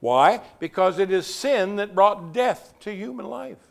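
A man preaching a sermon, swinging from loud, emphatic declarations to soft, hushed passages and stretching key words slowly for emphasis. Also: high-pitched, expressive, vocal fry. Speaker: pastor.

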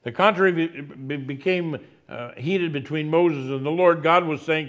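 A man preaching a sermon, speaking slowly and deliberately and repeating key phrases for emphasis. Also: fairly high pitch, dull audio.

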